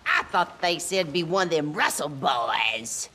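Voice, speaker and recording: An actress with a deep, breathy-edged voice plays a mean, foul-mouthed old rural grandmother, angrily hurling insults and threats in a harsh, scolding tone. Her delivery is unhurried and sharp, with big pitch swings, as a full character voice. This older-sounding voice comes from game audio with music behind it.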